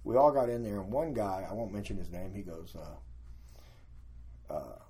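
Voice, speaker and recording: An older man, a guest, telling lively anecdotes in a casual storytelling way and acting out what other people said. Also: deep voice, measured pace, breathy edge. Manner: animated anecdotes, acting out quoted voices.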